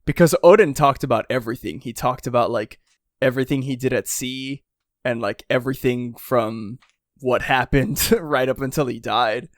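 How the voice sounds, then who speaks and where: A man's voice: medium pitch, normal speed, no room sound, clean studio sound. A man co-hosting a podcast in casual chat, rambling with many fillers and restarts and acting out quotes. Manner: acts out character quotes in lively voices. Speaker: podcast co-host.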